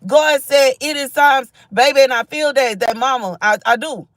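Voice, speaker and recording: On a livestream, a woman gives impassioned spiritual messages, emphatic and repetitive, often asking "you know what I'm saying" while she reads out and thanks viewers from the chat. Her voice sits high, at normal speed, in a dry recording.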